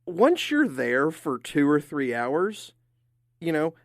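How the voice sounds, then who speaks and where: A man's voice: fairly high pitch, very animated, slow pace, no echo, clean studio sound. A man co-hosting a sports radio show, giving his opinions emphatically. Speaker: radio co-host.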